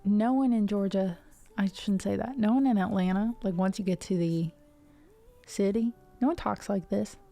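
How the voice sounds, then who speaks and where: A woman's voice: mid-range voice, moderate pace, vocal fry, dark tone. A woman from the Ohio River Valley hosting a music livestream, chatting casually and rambling with restarts and fillers. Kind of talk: casual chat with stream viewers.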